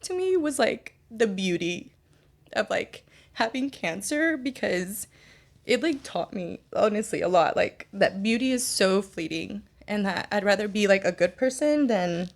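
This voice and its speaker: A woman's voice: medium pitch, lively intonation, a little slow. A young adult woman telling a personal story as a podcast guest, candid and conversational, with many "like" fillers. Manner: candid, heavy use of "like" fillers.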